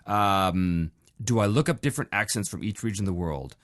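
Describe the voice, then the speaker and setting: A man's voice: fairly low pitch, lively intonation, fairly quick, a bit bright, dry recording, studio quality. A man hosting a podcast, chatting casually and joking between listener questions. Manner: joking, playful, breaks into laughter. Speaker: podcast host. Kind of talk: casual chat, reading listener emails.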